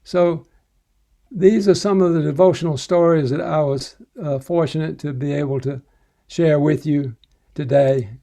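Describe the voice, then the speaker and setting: Older man, mellow gentle storyteller. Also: on the high side, steady tone, vocal fry. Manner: gentle, unhurried storytelling with soft chuckles. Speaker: spiritual teacher. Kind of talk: recounting personal devotional stories.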